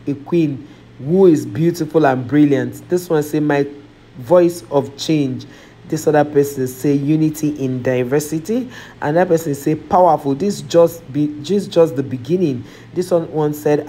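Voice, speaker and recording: A woman's voice: deep voice, normal speed, mellow. A woman vlogger reading viewer comments aloud and reacting with emotional sighs and exclamations.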